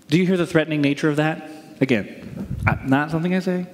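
High-voiced man preaching in a reverberant hall. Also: sing-song, fast talker. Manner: conversational preaching with rhetorical questions. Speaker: pastor. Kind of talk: sermon. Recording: long reverb of a large hall.

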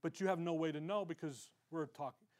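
A man's voice: fairly high pitch, a little fast, darkish tone. A male pastor preaching a sermon in a conversational way, acting out the voices of the people he quotes.

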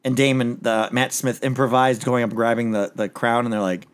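A man's voice: mid-range voice, fairly even intonation, moderate pace, clean tone. A man chatting casually as a podcast host, rambling through a TV episode recap with lots of restarts and the odd swear word.

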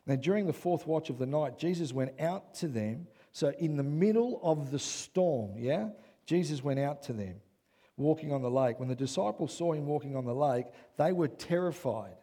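A man preaching a sermon as pastor, who often checks in with "yeah?" and builds to loud, excited passages. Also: on the high side, moderate pace, breathy edge.

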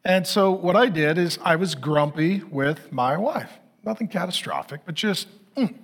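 A man's voice: sits high, animated, measured pace. A middle-aged male pastor preaching, telling a candid, self-mocking story about his marriage to the congregation. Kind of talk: sermon.

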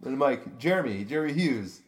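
A comedian co-hosting a podcast tells a loose, profane story in a casual chat, animatedly acting out the voices of the people he quotes. His voice is mid-range and brisk.

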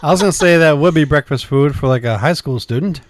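A woman co-hosting a casual podcast, tossing in quick joking interjections and swearing now and then. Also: deep voice, noisy background. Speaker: podcast co-host.

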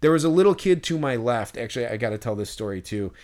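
A man with a smooth, resonant voice at an ordinary middle pitch. He co-hosts a podcast and tells stories in a loose, animated way. He rambles, piles up "like" and "you know", and swears casually. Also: fast. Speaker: podcast co-host. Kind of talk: casual storytelling chat.

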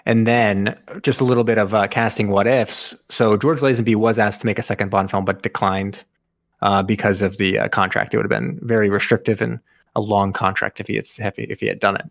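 Podcast host, male, gravelly, jokey trivia rambler. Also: on the low side, flat delivery, a little fast, no echo, clean studio sound. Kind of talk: casual chat.

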